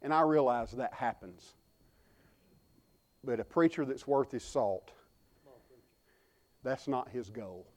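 A man's voice: mid-range voice, lively intonation, slow pace, pauses often. A man preaching a sermon, telling folksy stories and calling on the congregation to respond. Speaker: pastor.

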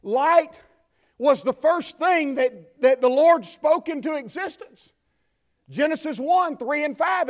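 A man's voice: very high-pitched, expressive, slow pace. A man preaching a sermon with an impassioned, repetitive cadence.

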